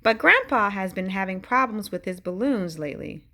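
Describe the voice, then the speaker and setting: A woman hosting a bedtime read-aloud, narrating expressively and talking gently to the children listening. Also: medium pitch, animated, moderate pace. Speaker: host reading a bedtime story.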